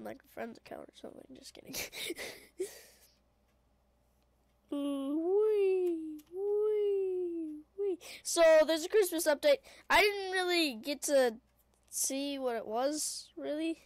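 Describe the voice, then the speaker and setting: A woman giving excitable gameplay commentary, chattering and shrieking at the game, sniffly, with a voice prone to cracking. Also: high voice, normal speed, no room sound. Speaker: gaming video creator.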